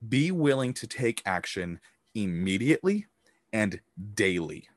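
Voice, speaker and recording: A man's voice: fairly low pitch, very animated, measured pace, no room sound. A man hosting a motivational business podcast, talking emphatically, swearing casually and acting out hyped-up voices. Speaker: podcast host and business coach.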